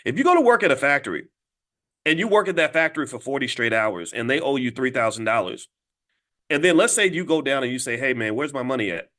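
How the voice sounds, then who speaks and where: A middle-aged man talks quickly and emphatically to an audience, his pitch in a middle range. He keeps acting out short exchanges, and his voice leaps up when he does. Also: very animated, pushed and bright. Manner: fast, emphatic, acts out dialogue with jumps in pitch. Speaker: finance commentator addressing an audience. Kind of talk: animated monologue.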